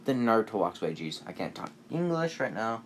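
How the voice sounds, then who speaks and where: A young man with a low, deep voice tells a fan-made story in a loose, rambling way. He leans on fillers and restarts, swears offhandedly, and sounds half-distracted by the video game he is playing. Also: sing-song, brisk, a little hiss or hum. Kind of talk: casual rambling fan-fiction retelling.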